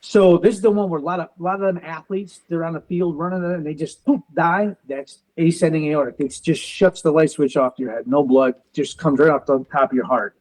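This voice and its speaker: Guest, male, 40s, veteran and police officer, slightly high voice, storyteller who acts out both sides of conversations. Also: fairly even intonation, darkish tone, low-quality recording. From United States. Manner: quotes others in quick back-and-forth, uses car comparisons. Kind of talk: animated personal storytelling.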